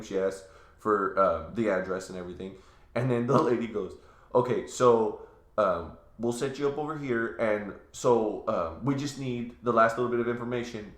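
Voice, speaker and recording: A man's voice: fairly low pitch, roomy sound. A man chatting on a podcast, telling funny stories and acting out other people's voices. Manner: animated, acts out quoted voices. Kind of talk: casual storytelling chat.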